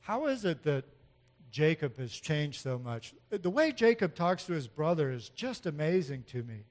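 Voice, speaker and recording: A man preaching a sermon in an animated way, swinging from loud emphatic outbursts to quiet asides, with frequent chuckles. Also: on the high side, moderate pace. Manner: chuckles often between points. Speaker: pastor.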